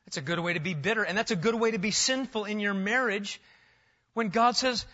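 Emphatic male preacher, bright voice. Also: high-pitched, brisk. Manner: emphatic, swings between loud and hushed. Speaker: pastor. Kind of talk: sermon. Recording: dull lo-fi sound.

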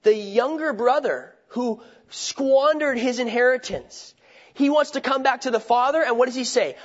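Male preacher, high register, conversational sermon, dull lo-fi audio. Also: normal speed. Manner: conversational, asks rhetorical questions, restarts phrases. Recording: dull lo-fi recording.

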